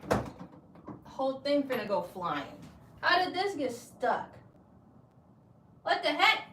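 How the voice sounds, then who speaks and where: A woman vlogger talking slowly to herself, her pitch rising and falling a lot. She is recorded from a distance in an echoey room with faint ambience behind her. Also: sing-song, bright, forceful tone, a little hiss or hum. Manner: chatty and exasperated, talking to herself while fiddling with things. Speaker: vlogger and crafter. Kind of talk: casual vlog chat.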